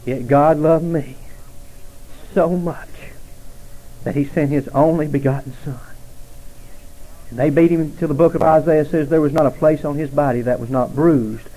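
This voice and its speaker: Forties male preacher, fervent testimony delivery, warm mellow voice. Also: a little high, fairly even intonation, rough recording. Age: 40s. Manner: fervent, slowing for emphasis, dropping to hushed tones. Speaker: preacher, former police officer. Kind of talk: testimony sermon.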